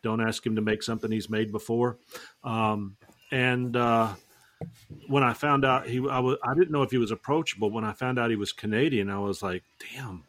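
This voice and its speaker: A man's voice: mid-range voice, fairly even intonation, moderate pace, fairly bright tone. A man hosting a casual roundtable podcast, joking and teasing as he rambles along. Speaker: podcast host.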